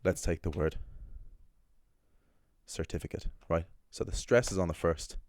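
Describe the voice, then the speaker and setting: An Irish man teaching a language lesson in a relaxed, thinking-aloud way, with ums and quick self-corrections. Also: low-pitched, no room sound. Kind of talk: casual explainer lesson.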